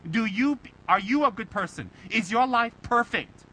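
A man, a Buddhist lama, giving an informal dharma talk to his students. He fires off rhetorical questions and mimics his critics in an animated, teasing way. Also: very high voice, normal speed, breathy edge, poor audio.

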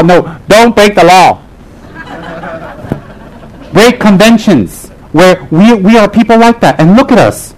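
A man teaching as a Buddhist lama, his voice sitting a touch high for a man. He jokes with his audience in an animated way and hammers his points with repeated rallying phrases. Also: slow pace, long pauses, rough recording. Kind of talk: live humorous dharma talk to an audience.

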